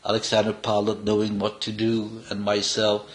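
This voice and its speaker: A man's voice: fairly low pitch, moderate pace. Older man telling rambling film-set anecdotes. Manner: rambling, animated anecdotes with frequent laughs and restarts; non-native English phrasing. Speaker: cinematographer being interviewed. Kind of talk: casual anecdotal storytelling.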